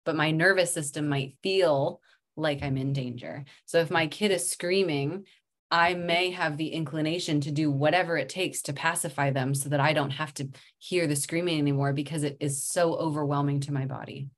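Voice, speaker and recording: Brief: woman in her thirties, low voice, calm reflective podcast guest who laughs often. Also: normal speed. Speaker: guest, somatic practitioner. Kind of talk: casual podcast interview.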